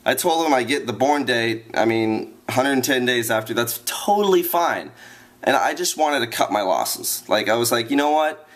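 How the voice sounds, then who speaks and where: A man's voice: mid-range voice, lively intonation, moderate pace, a bit bright. A man ranting to his viewers in a vlog, rambling and exasperated, repeating himself as he vents. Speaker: vlogger.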